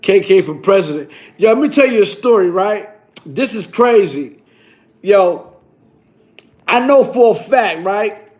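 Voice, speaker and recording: A man telling a story on his vlog in an animated, boastful way, full of slang and repeated phrases. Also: high-pitched, a little slow, pauses often. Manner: slang-heavy, repetitive, boastful.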